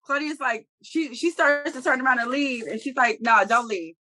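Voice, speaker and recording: Lively, foul-mouthed woman recapping a show. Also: sits high, normal speed. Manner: animated, profane, slangy storytelling. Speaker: co-host reviewing a TV episode. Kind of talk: casual recap chat.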